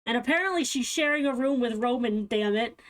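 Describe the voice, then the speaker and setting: A woman with a fairly high voice chats casually with her tabletop group. She jokes, swears freely and laughs at her own bad luck. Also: brisk. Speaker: tabletop game player. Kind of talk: casual chat between players.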